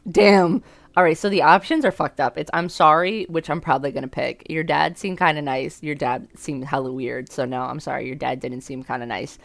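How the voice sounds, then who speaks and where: A woman's voice: deep voice, fairly even intonation, a little fast, vocal fry, no room sound. A woman playing a dating sim, reacting, joking, swearing and laughing as she reads the game's text aloud. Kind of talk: let's-play commentary and reading game text aloud.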